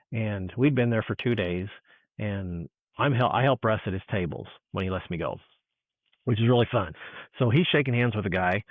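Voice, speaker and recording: A man telling a personal encounter story in casual chat, animated and full of restarts, acting out what people said. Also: on the low side, dry recording. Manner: animated storyteller, restarts, acts out quoted dialogue. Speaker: guest. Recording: tinny phone-like line.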